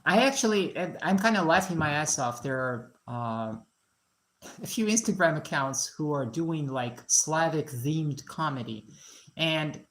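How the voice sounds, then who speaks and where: A woman from Moscow with no foreign accent, chatting and joking with viewers during a casual live stream from her garage. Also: deep voice. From Russia (Moscow). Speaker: live-stream host, musician and painter.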